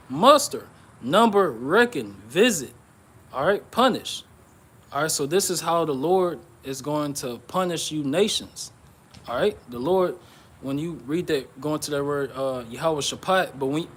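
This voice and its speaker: A man giving an informal sermon on prophecy, reading scripture aloud and explaining it, often checking in with "okay?" and "all right?" and pausing with "uh". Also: fairly high pitch, a bit bright, slight background noise. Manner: pauses with "uh" and restarts. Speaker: bible teacher.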